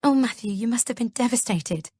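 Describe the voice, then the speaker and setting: A woman's voice: on the high side, lively intonation, brisk, darkish tone, slightly rough, no room sound, pitched above the performer's own voice. Bewildered young mother, tense and incredulous, as the narrator voices her; dry studio read. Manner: tense, raised, incredulous questioning. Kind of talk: audiobook character reading.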